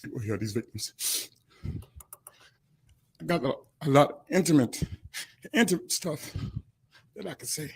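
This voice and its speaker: Man, crying, husky voice, halting and emotional, courtroom podium mic. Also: a little high, lively intonation. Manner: emotional, halting, breaks off mid-sentence. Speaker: victim giving a statement in court. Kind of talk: courtroom victim impact statement. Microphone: podium microphone.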